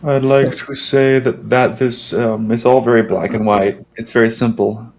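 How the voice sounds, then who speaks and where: Guy at the table cracking dry jokes, super flat voice. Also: medium pitch, normal speed. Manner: deadpan jokes. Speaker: player. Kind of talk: casual tabletop game chat.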